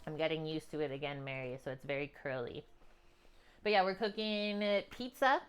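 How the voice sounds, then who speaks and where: A woman's voice: deep voice, moderate pace, clear, resonant tone. A woman from Canada hosting a cooking livestream from her home kitchen, talking in a loose, chatty way with lots of filler words. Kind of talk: casual stream chat.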